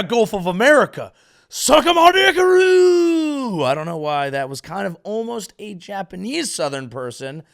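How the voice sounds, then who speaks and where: A man from California delivering a rambling, sarcastic comedic monologue as host, veering from mumbled asides to loud outbursts. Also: on the high side, gravelly, clear, resonant tone, no room sound, studio quality.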